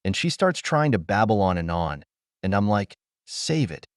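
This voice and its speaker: A man narrating a first-person story in an animated storytelling manner. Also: fairly low pitch, moderate pace, dry recording, studio quality.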